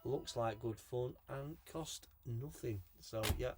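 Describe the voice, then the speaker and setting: A man's voice: mid-range voice, takes it slowly, a little mellow. A man, chatting casually on video and showing off his finds. He talks with rambling enthusiasm and swears freely. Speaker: collector showing his purchases.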